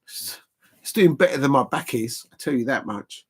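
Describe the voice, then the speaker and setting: A man's voice: mid-range voice, expressive, fairly quick, breathy edge. A man hosting a casual live stream watch-along, rambling and chuckling as he chats to viewers.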